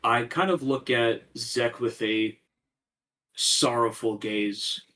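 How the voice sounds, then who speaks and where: A man's voice: mid-range voice, slow, bright, forceful tone, far from the mic. A man speaking in character as a player in a tabletop game, in an earnest, pleading manner. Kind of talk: in-character role-play.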